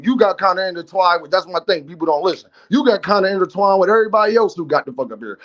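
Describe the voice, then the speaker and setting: Loud fussing male stream host. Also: high voice, muffled recording. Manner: loud, fussing, argumentative, swears freely. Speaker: livestream show host. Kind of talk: heated live-stream boxing talk.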